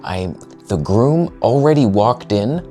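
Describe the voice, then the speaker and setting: A man narrating his own video footage in a casual, sarcastic, self-mocking way with quick asides. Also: lowish voice, animated, dark tone, faint music behind. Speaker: photographer vlogger.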